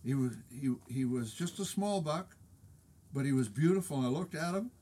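A man recalling a hunt in casual, earnest, slightly halting talk. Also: mid-range voice, lively intonation, dark tone. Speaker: guest hunter. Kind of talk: casual storytelling.

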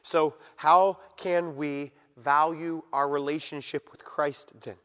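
A male pastor preaching a sermon, speaking straight to his listeners, pressing points with emphasis and slowing down to drop into a hush on key words. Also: on the high side, fairly even intonation, clear, resonant tone. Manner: addresses listeners directly. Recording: reverberant hall.

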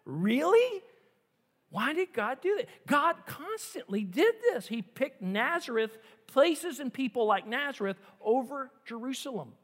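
High-voiced man preaching a sermon. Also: a little slow, few pauses, in a large hall. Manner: animated, acts out quoted voices. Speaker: pastor.

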